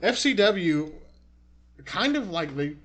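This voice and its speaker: A man's voice: high-pitched, big pitch swings, takes it slowly, fairly bright tone. A man hosting a podcast interview, asking long winding questions with repeated words. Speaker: podcast host. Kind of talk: casual interview.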